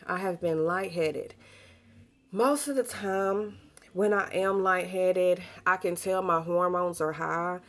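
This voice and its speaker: Chatty woman with a lowish voice. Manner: chatty, warm storytelling with Southern US slang. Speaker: pregnant vlogger. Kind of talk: casual chat to camera.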